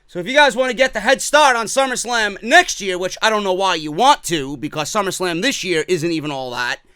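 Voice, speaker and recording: A man's voice: high-pitched, expressive, fairly quick, sharp tone, clear, resonant tone, no room sound, clean studio sound. A man with a New York accent hosting a wrestling podcast, ranting with sarcastic, profane commentary. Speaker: podcast host.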